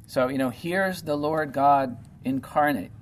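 A man's voice: a little high, a little slow, slight background noise. A man preaching a sermon in a conversational way, reading scripture and explaining it with lots of "okay" and "you know".

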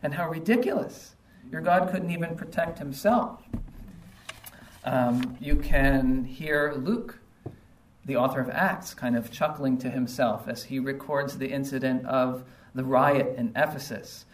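Sarcastic preacher in an echoey hall. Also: male voice, mid-range voice, distant mic. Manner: emphatic, sarcastic, acts out biblical taunts. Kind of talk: sermon.

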